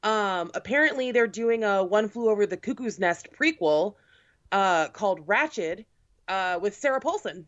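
A woman speaks a little slowly in an animated, medium-pitched voice during a casual chat, sarcastic and talkative with plenty of fillers. The recording is dull, dry, and lo-fi, with no room sound.

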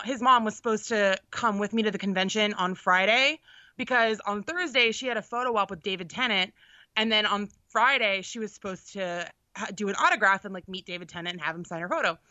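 Young woman podcast host, bright tone, swears a lot, dry muffled recording. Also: medium pitch, dry recording. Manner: animated storyteller, profane. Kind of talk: casual chat. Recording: dull lo-fi sound.

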